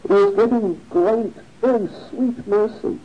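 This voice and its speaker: A man telling a religious story in a sermon, animated and given to chuckling. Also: sits high, a little slow, a little hiss or hum. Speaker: religious speaker. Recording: dull lo-fi recording.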